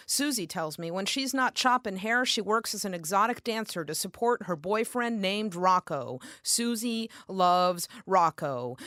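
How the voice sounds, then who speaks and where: A woman performing spoken word poetry with a deadpan, sardonic, rhythmic delivery. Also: medium pitch, no room sound, studio quality.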